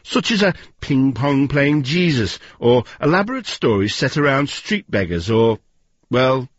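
Husky man narrating a radio show. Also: medium pitch, very animated, measured pace, no room sound. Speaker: radio presenter. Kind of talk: scripted narration. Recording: slightly muffled dry studio voice.

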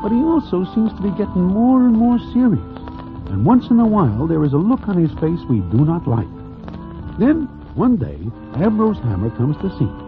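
A man's voice: sits high, very animated, moderate pace, narrow, tinny audio, music in the background. A man playing a streetwise Broadway narrator in an old radio drama, speaking in a formal present tense with no contractions. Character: wry male Broadway storyteller, streetwise, dry. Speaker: narrator and lead character. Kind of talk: 1940s radio acting.

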